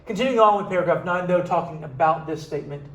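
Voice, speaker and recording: Male English teacher, higher voice, reads aloud then breaks it down casually; roomy echo. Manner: reads passages slowly then explains in casual asides. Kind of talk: reading aloud and explaining a text to students.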